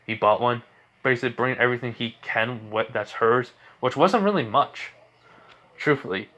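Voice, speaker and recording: A man's voice: mid-range voice, normal speed, a bit bright. A man narrating an improvised fan story in a casual, rambling way, with many fillers and restarts.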